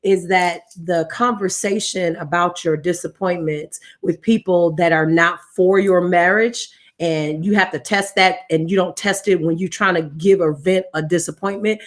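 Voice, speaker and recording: A woman's voice: fairly low pitch, fairly even intonation, normal speed, few pauses. A woman co-hosting a live marriage talk, speaking earnestly in a sermon-like way about faith and commitment. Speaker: co-host of a marriage talk show. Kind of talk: live-streamed marriage teaching.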